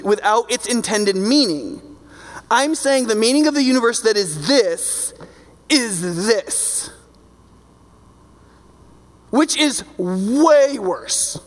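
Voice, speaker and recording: A man's voice: high voice, fairly bright tone, in a large hall. A man preaching a sermon in a conversational, emphatic way, often checking in with his listeners. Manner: conversational and emphatic, keeps asking "right?".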